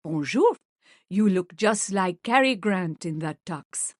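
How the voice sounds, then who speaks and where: A woman's voice: on the low side, lively intonation, slow, no echo, clean studio sound. A woman voicing a stylish, friendly woman who speaks with a slight German accent, in an audiobook. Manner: friendly and charming.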